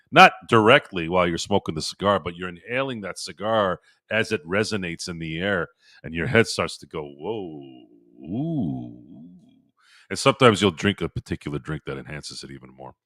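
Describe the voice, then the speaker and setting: A man with a low voice hosts a live sports stream from his home setup, chatting loosely with viewers. He rambles and doubles back on his words. His voice sounds dry and close to the mic. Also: a bit bright, no room sound. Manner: rambling, repeats himself, talks to chat by name. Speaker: sports podcast host. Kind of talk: casual live-stream chat reading viewer comments. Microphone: streaming microphone.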